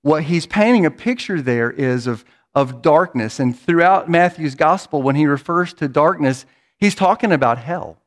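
A man's voice: on the high side, expressive, normal speed. A man preaching a sermon in a church, in an earnest manner, often repeating words as he builds toward a point. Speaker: pastor.

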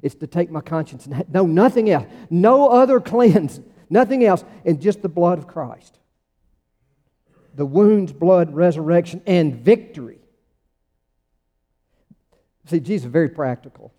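A man's voice: on the high side, expressive, unhurried, pauses often, warm tone. A man preaching a sermon in a conversational, emphatic way, with sudden rising bursts. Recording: long church reverb.

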